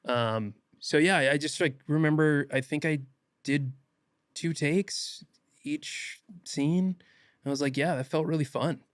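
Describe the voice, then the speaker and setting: A young man, an actor guest on a podcast, telling stories in a casual animated way and acting out quotes. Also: fairly high pitch, measured pace, no echo, clean studio sound. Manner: animated, laughs often, acts out quotes. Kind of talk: casual podcast interview storytelling.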